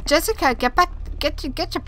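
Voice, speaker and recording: High-voiced jittery young woman gamer. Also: brisk, fairly bright tone. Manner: frightened, rambling, repeats herself, talks to viewers. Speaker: gaming video creator. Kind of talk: live horror game commentary. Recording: noisy background.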